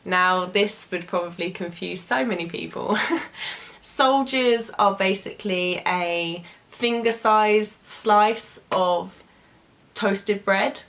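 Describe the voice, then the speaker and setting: A woman's voice: mid-range voice, takes it slowly, fairly bright tone. A young woman, chatting casually to camera as she patiently explains words. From England. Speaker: YouTuber.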